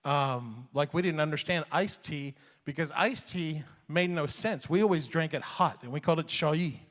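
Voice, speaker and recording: Animated high-voiced stand-up comedian, man. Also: moderate pace. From Iran. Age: 40s. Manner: animated, chuckles at own jokes. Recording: long hall reverb on stage.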